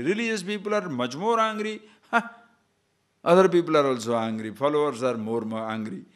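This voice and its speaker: He speaks on the high side and a little fast, a spiritual teacher in the middle of a discourse. The delivery is lively and repetitive: jokes, chuckles, short stories, repeated phrases, and questions posed to listeners.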